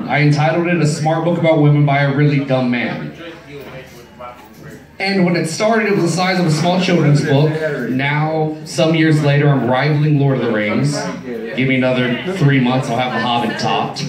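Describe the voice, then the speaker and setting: A man's voice: fairly high pitch, normal speed. A man doing a stand-up set in a bar, telling stories in a profane, self-mocking, conversational way. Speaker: stand-up comedian. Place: bar stage with a live audience. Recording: roomy bar audio from far off, crowd noise. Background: loud bar crowd, laughter.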